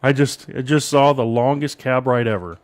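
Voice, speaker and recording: A man's voice: medium pitch, normal speed. A man hosting a radio show, reading this-day-in-history facts in casual chat with a co-host, chuckling often. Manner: reads date facts with chuckles. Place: radio studio streamed live.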